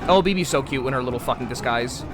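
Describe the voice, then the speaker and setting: A young man streaming a horror game, excitable and sweary, reading dialogue and breaking into screams. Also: mid-range voice, quick pace, over loud music. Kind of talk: gaming commentary.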